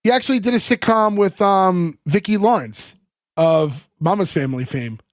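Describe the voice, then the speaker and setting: Man podcast host, casual chatty recap, scratchy throat, slightly high voice, dry close mic. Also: expressive, normal speed, no echo. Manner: laughs often, chatty.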